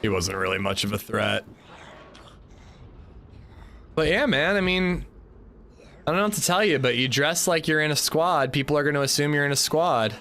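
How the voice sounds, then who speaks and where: A man casually commenting on his survival shooter game during a livestream, chatting with viewers and reacting out loud. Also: on the high side, expressive, fairly quick, a little hiss or hum. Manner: chatty, reacts loudly, talks to chat. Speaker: streamer playing a survival shooter.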